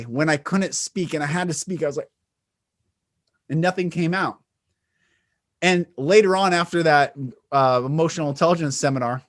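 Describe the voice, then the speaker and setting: Earnest male speaker, inspirational spiritual talk, slightly higher-pitched, shifts volume and pace to demonstrate. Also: a bit bright. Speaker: speaker and retreat leader.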